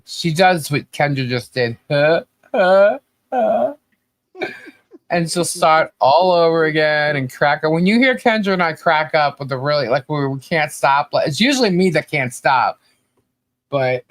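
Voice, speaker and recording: A woman's voice: low voice, dry recording. A woman co-hosting a podcast in casual chat, fondly and emotionally reminiscing and laughing often. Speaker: podcast co-host.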